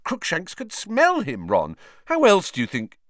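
Man playing a fretful know-it-all teen girl, high and precise. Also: huge pitch swings, unhurried, fairly bright tone, no room sound, studio quality, heavily acted. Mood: pleading. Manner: earnest, precise, pleading. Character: earnest, anxious know-it-all teenage girl.

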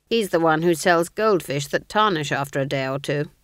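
A woman's voice: low-pitched, normal speed, dry recording, studio quality, natural voice. A woman voicing a proud older witch who speaks curtly and disapprovingly. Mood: stern. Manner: curt, disapproving.

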